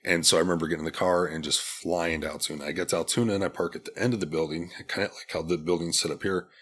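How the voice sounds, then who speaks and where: A man's voice: deep voice, steady tone, racing, a bit bright. A man in his forties, a podcast guest, telling a personal story in a candid, blunt and profane way, with many restarts. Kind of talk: casual storytelling.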